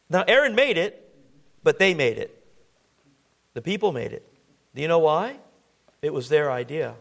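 Male preacher, gravelly voice, high pitch, emphatic, rhetorical questions, hushed scripture reading. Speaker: pastor. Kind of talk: sermon.

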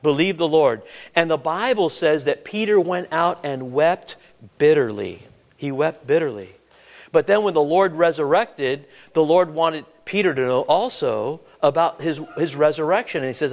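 Earnest high-voiced male preacher. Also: animated, normal speed. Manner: earnest, repeats words and restarts, asks the congregation questions. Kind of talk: sermon.

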